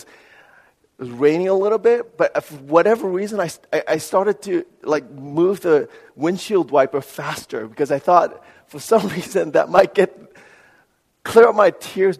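A man preaching a sermon, telling a personal story in an earnest, animated way and often checking in with "right?". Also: fairly high pitch. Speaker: pastor. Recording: reverberant hall.

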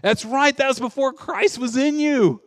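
A man's voice: very high-pitched, normal speed, no echo, studio quality, big-room sound. A male pastor preaching a sermon, telling stories with humor and acting out the voices of the people in them. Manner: animated storytelling, acts out quoted voices; humorous, self-deprecating asides.

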